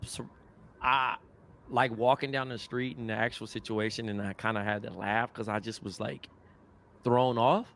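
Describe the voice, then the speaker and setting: A man's voice: mid-range voice, moderate pace. A young adult man co-hosting a podcast, telling a story in a casual, slangy, profane way and acting out other people's voices. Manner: animated, slangy and profane, acts out quoted voices. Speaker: podcast co-host.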